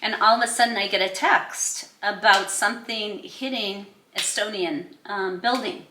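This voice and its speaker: A woman's voice: mid-range voice, moderate pace, background noise. A woman from the United States hosting a podcast interview, conversational and affirming the guest often. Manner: conversational, affirming with frequent mm-hmms. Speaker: podcast host. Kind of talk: casual interview chat. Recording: echoey room.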